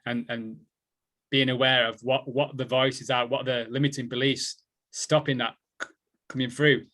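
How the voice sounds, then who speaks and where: A man's voice: medium pitch, little pitch movement, pushed and bright. A man hosting an interview, speaking thoughtfully with frequent restarts. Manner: thoughtful, halting, with many restarts. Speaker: interviewer host. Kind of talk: interview conversation.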